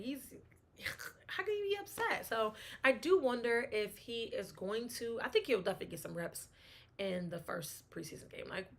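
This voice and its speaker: A woman's voice: on the high side, a bit bright. A woman hosting a casual solo sports talk show, chatting and thinking aloud, often restarting her sentences.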